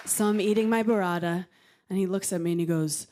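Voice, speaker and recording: A woman in her thirties doing a stand-up comedy set on a television studio stage, with a punchy deadpan delivery. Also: mid-range voice, normal speed, some chatter behind, a little hiss or hum. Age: 30s. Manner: punchy deadpan delivery, acting out quoted voices.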